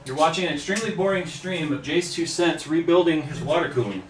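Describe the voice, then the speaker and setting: A man hosting a live stream, chatting and joking in a relaxed way as he works on a computer. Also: a little high, brisk. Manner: relaxed, joking, talks while working on a PC. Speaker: tech YouTuber host. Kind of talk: casual live stream chat while working. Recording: echoey room, distant mic, background noise.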